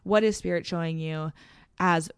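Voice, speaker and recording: Woman host, lower voice, eager and affirming, dry close recording. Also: steady tone, moderate pace, smooth, no room sound. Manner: affirming, enthusiastic, many short backchannels. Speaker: interview host. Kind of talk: casual interview talk.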